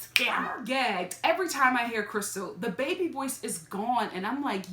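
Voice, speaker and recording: A woman with a high, bright, ringing voice dishes on a reality show with sassy, gossipy energy. She talks casually, laughs often and tosses in cheeky asides. The room around her is echoey. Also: animated, moderate pace. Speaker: reality TV reaction vlogger.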